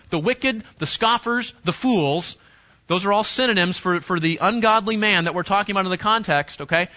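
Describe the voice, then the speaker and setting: Preacher guy talking to teens, high-ish voice, repeats himself a lot, kinda muffled lo-fi recording. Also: bright, forceful tone. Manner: emphatic, repeats words, restarts. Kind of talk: sermon to teenagers. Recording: dull lo-fi sound.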